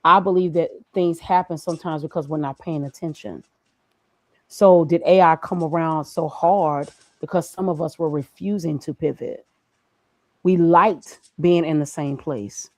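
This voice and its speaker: A woman's voice: sits low, steady tone, measured pace, darkish tone, no echo, rough recording. A woman speaking as a guest in a conversational interview, emphatic and preachy, firing off rhetorical questions. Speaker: graphic designer and guest.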